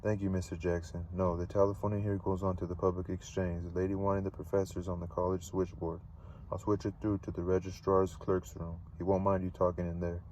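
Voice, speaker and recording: A man reading the lines of a dull, formal college porter in his own deep voice. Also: flat delivery, brisk, mellow, a little hiss or hum, close to an everyday voice. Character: gloomy college porter, older man, husky.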